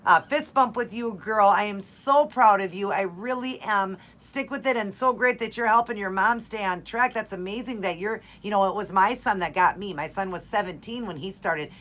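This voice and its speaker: A woman's voice: mid-range voice, normal speed, few pauses, fairly bright tone. A woman in her forties hosting a live question-and-answer stream, speaking straight to her viewers in a heartfelt, repetitive way. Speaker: host of a live keto Q&A stream.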